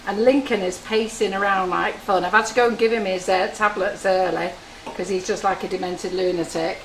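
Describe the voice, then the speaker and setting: A woman's voice: medium pitch, steady tone, a little fast, reverberant, slight background noise, low-quality recording. A woman hosting a live baking demonstration, chatting, telling stories and teasing her viewers as she works. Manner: chatty, jokey storyteller who teases viewers. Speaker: baker demonstrating on a livestream. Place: home-style kitchen studio.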